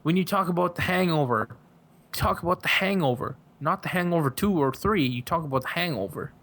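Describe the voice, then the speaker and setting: A man's voice: a little high, fairly quick, a bit bright. A young man, a podcast guest, chatting casually, rambling with lots of fillers and laughing often. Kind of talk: casual chat.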